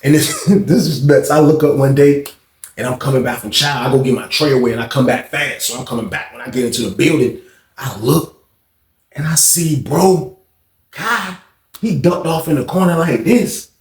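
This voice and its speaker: A man's voice: a little high, moderate pace, echoey room. A man telling a story in a casual, slangy, profane way and talking to his viewers as "y'all".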